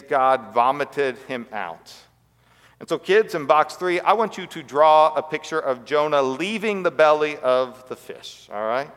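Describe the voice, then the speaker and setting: A man preaching a sermon as pastor, telling stories earnestly and dropping to quiet emphasis. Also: a little high, big-room sound.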